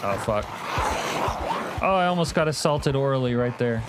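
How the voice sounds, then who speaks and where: A man's voice: medium pitch, expressive, moderate pace, heavy background noise. A man live-streaming a zombie game, joking, cursing and reading chat aloud. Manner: profane, jokey, reads chat aloud. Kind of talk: casual live-stream commentary.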